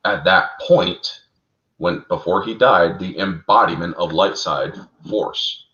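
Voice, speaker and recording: A man with a fairly low voice tells story lore in an animated, chatty way and keeps calling his listeners "folks". The sound is roomy and a little dull, like a lo-fi home stream. It is casual talk among fans. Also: slow. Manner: animated, addresses listeners as folks, laughs at own slips. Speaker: co-host of a fan lore talk show.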